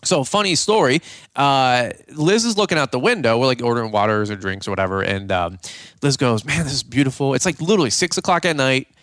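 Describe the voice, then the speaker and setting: A young man hosting a podcast, telling a funny story in a casual, animated way and acting out the voices of the people in it. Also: mid-range voice, brisk, no room sound, studio quality. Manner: animated, jokey, acts out quoted voices. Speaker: podcast host.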